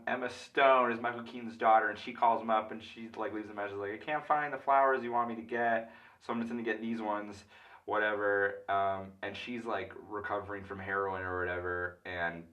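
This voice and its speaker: A drunk man retelling a film in a rambling, halting way, full of filler words. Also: on the low side, distant mic, highs cut off. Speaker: comic film recapper.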